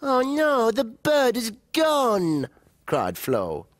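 A man playing a cheerful grown-up on a fishing trip in a children's show, reading a story aloud in a gentle, sing-song way. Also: medium pitch, sing-song, a little slow, slightly rough, dry recording, studio quality. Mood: storytelling.

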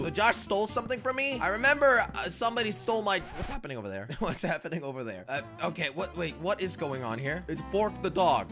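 A man hosting a game video, excitable commentary with sudden shouts and big swings. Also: high-pitched, fast, hardly any pauses, over music. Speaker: gaming video host.

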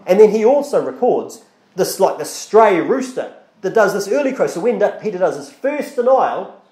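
Lively, high-voiced preacher in an echoey hall. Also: male voice, normal speed. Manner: conversational preaching with many restarts and quoted dialogue. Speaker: pastor. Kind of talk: sermon. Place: church.

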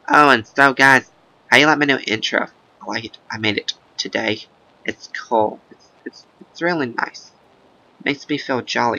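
A man doing casual, rambling video game commentary in a gravelly, goofy put-on voice, breaking into silly sing-song chants. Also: mid-range voice, fairly even intonation, moderate pace, bright, forceful tone, muffled recording. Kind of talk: casual let's-play commentary.

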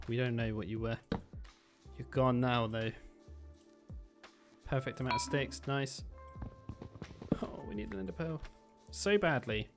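A man giving chatty let's-play commentary as he plays, thinking aloud with excitable bursts. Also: mid-range voice. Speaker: gaming video creator.

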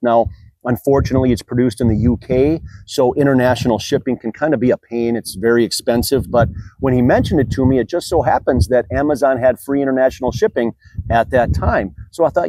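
Chatty American man, mellow dry voice. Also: medium pitch, fairly quick, dry recording. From United States. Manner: chatty, rambling with many fillers. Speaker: car detailing YouTuber. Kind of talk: casual product review vlog.

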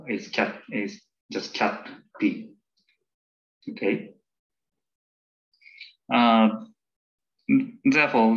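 Slow, halting man giving a math lecture. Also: medium pitch, highs cut off. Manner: halting, many fillers and restarts. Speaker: presenter of a math talk. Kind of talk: academic lecture.

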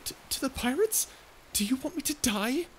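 A woman's voice: high-pitched, expressive, moderate pace, a little hiss or hum. A woman voicing a prickly young sea creature who stammers and hides her fear behind insults, in a listener-perspective audio drama. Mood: grumpy. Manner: stuttering, flustered tsundere bluster.

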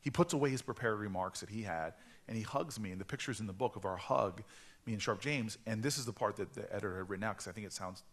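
A man in his forties telling a story to a live audience at a book event, animated and acting out the voices he quotes. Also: on the low side, fast talker, husky. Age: 40s. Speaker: author speaking at a book event.

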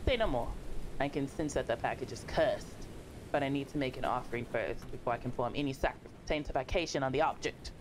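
A gamer voicing a greedy local priest, reading the lines in a matter-of-fact, low-key way. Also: a little fast, background noise, lightly acted. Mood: businesslike.

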